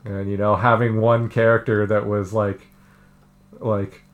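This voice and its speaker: A podcast co-host living in Japan speaks in a lowish, level male voice, a little slow, with the high frequencies cut off. He chats casually and rambles, filling the talk with fillers and laughter.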